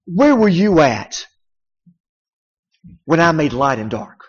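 A man's voice: a little high, big pitch swings, slow, husky, exaggerated voice. A man speaking as God in a sermon, challenging the listener with sarcastic rhetorical questions. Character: God, a stern, sarcastic questioning male deity. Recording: dull sound in a reverberant hall.

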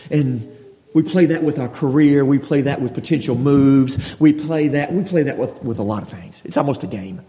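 A man's voice: mid-range voice, normal speed, dark tone. A man preaching a sermon in a conversational way, often restarting his phrases. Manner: conversational, with frequent restarts and acted quotes. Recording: dull sound with long hall reverb.

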